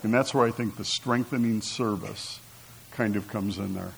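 A man's voice: fairly low pitch, fairly even intonation, normal speed, vocal fry, a little hiss or hum, low-quality recording. A man preaching a conversational sermon, reading scripture aloud and asking his listeners rhetorical questions. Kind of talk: sermon teaching.

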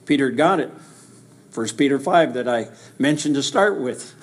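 A man preaching a verse-by-verse sermon, reading scripture aloud and dramatizing quoted dialogue, dropping low and soft for Jesus' words and asking emphatic rhetorical questions. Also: animated, normal speed.

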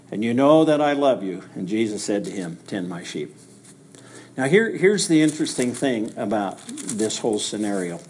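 Man preaching a verse-by-verse sermon. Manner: dramatic voicing of quoted dialogue, dropping low and soft for Jesus' lines; emphatic rhetorical questions with chuckles.

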